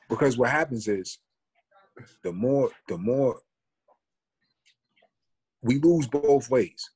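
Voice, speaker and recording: A man's voice: mid-range voice, animated, takes it slowly, pauses often, darkish tone, breathy edge. A man, earnestly telling a story and reflecting on it in a casual podcast talk. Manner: earnest, reflective, builds an argument. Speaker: podcast co-host.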